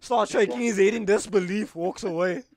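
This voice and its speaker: Animated young South African man, high voice. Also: normal speed, gravelly. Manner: animated, laughing storyteller. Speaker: streamer. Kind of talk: casual storytelling chat.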